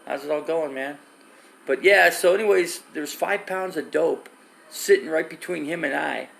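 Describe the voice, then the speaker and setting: A man's voice: a little high, gravelly, a bit bright, slight background noise, poor audio. A middle-aged man live streaming from his phone, rambling through stories and reading viewer comments. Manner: rambling storyteller with restarts, reads viewer comments.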